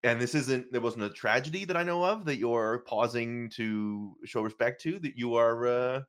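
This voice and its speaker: A man in his late thirties, co-hosting a podcast in casual chat, rambling and self-mocking with quick laughs. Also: medium pitch, fairly bright tone. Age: 30s. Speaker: podcast co-host.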